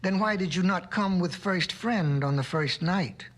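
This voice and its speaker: A man voicing a calm, wise cave woman. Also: high-pitched, unhurried. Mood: firm. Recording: restored vinyl record.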